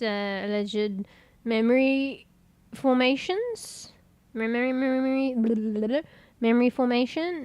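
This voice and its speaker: A woman's voice: medium pitch, dry recording. A woman, chatting casually and rambling while streaming, swearing offhand and sounding congested.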